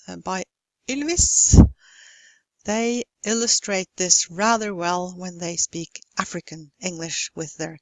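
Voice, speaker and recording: A woman giving a university lecture on English pronunciation, slow and deliberate as she demonstrates stress and rhythm. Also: mid-range voice, no room sound, poor audio.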